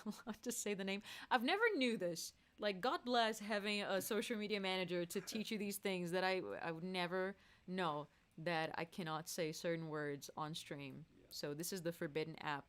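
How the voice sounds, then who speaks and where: Chatty woman streamer laughing between songs. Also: lowish voice. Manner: laughs often, loose and chatty. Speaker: musician hosting a live stream. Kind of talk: casual chat between songs.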